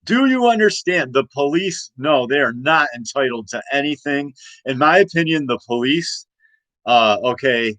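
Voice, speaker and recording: Male host, forties, agitated monologue, lots of false starts, mid pitch, dead-dry room. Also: expressive, moderate pace, fairly bright tone, no room sound, poor audio. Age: 40s. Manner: rambling, repetitive, agitated, many restarts. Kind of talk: late-night ranting monologue.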